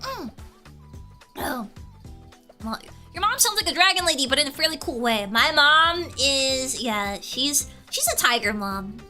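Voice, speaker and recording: Young woman streamer, animated and giggly, swooping pitch. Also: a little slow, soft background music. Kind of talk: casual chat with chat.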